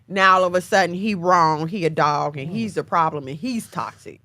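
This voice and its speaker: A woman's voice: lowish voice, normal speed, few pauses, sharp tone, no room sound. A woman co-hosting a casual chat, explaining her view through everyday examples in a conversational way. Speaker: podcast co-host.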